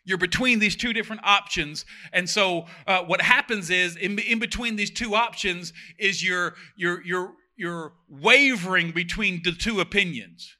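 A man preaching a sermon, reading scripture aloud and breaking in with animated, joking comments. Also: sits high, measured pace, hardly any pauses. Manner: animated, reads verses then comments with jokes.

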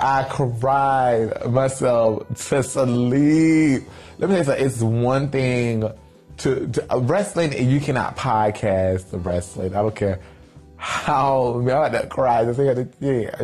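A man's voice: mid-range voice, slow, a little mellow, faint music behind. Sassy, profane man telling a story. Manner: sassy, profane, theatrical, constant "bitch" and "girl" asides. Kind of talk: casual storytime monologue.

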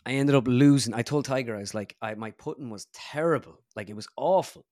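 A man's voice: medium pitch, fairly quick, no echo. Irish man, young adult, casual storytelling, lots of fillers, dry close sound. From Ireland. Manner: rambling, animated storyteller with many fillers. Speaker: guest comedian.

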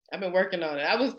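A woman's voice: fairly low pitch, dull audio. A woman from New York co-hosting a casual chat, candid and slangy, often laughing. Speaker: podcast co-host.

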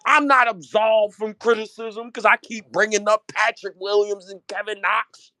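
A man's voice: high voice, moderate pace, no room sound. A man hosting an online audio space, talking heatedly and profanely in casual chat. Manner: animated, profane, teasing. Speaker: host of a fan audio space.

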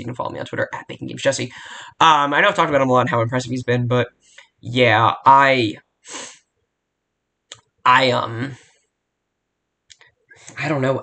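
A man's voice: medium pitch, creaky, sharp tone. A young man hosting a casual solo sports podcast from home, talking bluntly and rambling with frequent restarts and swearing. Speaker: podcast host. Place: home room near a barking dog.

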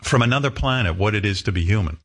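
A man's voice: lowish voice, lively intonation, quick pace, fairly bright tone, husky. A man in his sixties, a radio host, talking candidly and emotionally, rambling with many restarts. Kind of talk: candid talk-show conversation.

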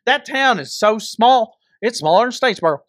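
A man's voice: very high-pitched, expressive, normal speed, fairly bright tone, no echo, clean studio sound. A man co-hosting a podcast, teasing and playful in casual chat. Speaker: podcast co-host.

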